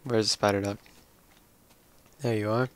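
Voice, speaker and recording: A tired young man slowly rambling through casual commentary on his own game. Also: fairly low pitch, fairly even intonation, smooth. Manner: slow, drowsy, rambling. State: tired, yawning. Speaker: let's play gamer.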